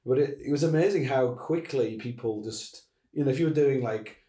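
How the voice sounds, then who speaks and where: A man's voice: medium pitch, a little fast, warm tone, echoey room. A man hosting a casual chat, rambling and restarting his sentences. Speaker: podcast host.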